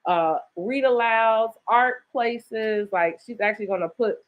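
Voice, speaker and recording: A woman's voice: fairly high pitch, a little slow. A woman co-hosting and organizing a literary festival, talking in an upbeat, chatty way, often checking in with "right?", with a slight lisp. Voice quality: slight lisp from dental aligners. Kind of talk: casual promotional chat. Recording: dull lo-fi audio.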